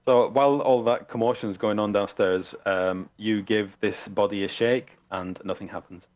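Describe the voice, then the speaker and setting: Low-voiced man running a tabletop game. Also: fairly even intonation, normal speed, darkish tone. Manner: hesitant, lots of fillers. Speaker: game master.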